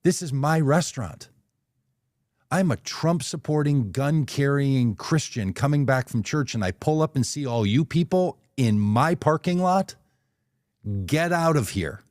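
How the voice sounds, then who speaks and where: A man's voice: mid-range voice, animated, unhurried, a little mellow, dry recording, clean studio sound, pitched above the performer's own voice, natural voice. A man voicing an angry middle-aged restaurant owner within a story, brusque and confrontational.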